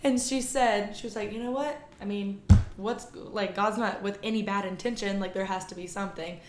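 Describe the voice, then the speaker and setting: A young woman shares a faith story with her co-host in a chatty, excitable way. Her pitch sits in the middle range. The recording is roomy, with a faint hum underneath. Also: moderate pace. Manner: chatty, excitable, laughs while telling stories. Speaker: podcast co-host. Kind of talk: casual faith chat. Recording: echoey room with faint noise.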